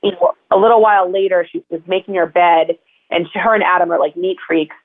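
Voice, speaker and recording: A woman's voice: fairly low pitch, fairly even intonation, brisk. A woman telling personal stories as an interview guest, in a chatty, rambling way full of fillers. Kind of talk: casual interview storytelling. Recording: tinny phone line.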